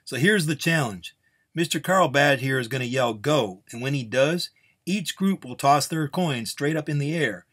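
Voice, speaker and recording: A man's voice: mid-range voice, lively intonation, moderate pace, fairly bright tone, slightly rough. A man voicing a tough, brash frontier nun who barks her words with a drawl. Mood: commanding.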